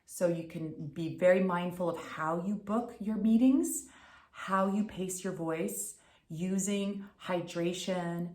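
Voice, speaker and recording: A woman voice coach giving an upbeat tutorial, enunciating crisply. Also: lowish voice, takes it slowly, darkish tone, echoey room. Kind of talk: instructional tutorial.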